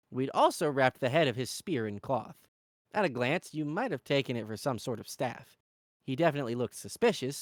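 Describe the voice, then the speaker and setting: A man reading a fantasy novel aloud in an expressive, animated way. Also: medium pitch, dry recording, studio quality. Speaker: reader.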